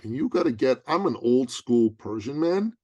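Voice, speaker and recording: A middle-aged man guesting on an interview, telling a personal story with lively, dramatic emphasis. His voice sits in an ordinary middle register, recorded close with no room sound. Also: medium pitch, moderate pace, dry recording, dull audio. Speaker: guest, business coach.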